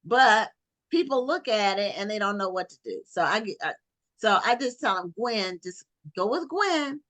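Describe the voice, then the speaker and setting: A woman hosting a talk show over a video call, chatty and quick to laugh. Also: mid-range voice, lively intonation, fairly bright tone, no room sound. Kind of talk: casual interview chat.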